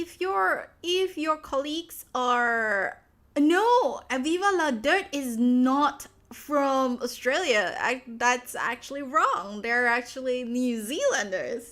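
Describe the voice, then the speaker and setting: A woman's voice: high voice, a bit bright. A woman from Malaysia, chatting casually with viewers on her stream, giggling often and restarting her sentences. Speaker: VTuber streamer.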